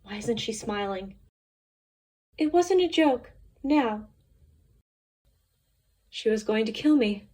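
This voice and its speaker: Slow, higher-voiced woman narrating an audiobook. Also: lively intonation, darkish tone. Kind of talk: first-person novel narration.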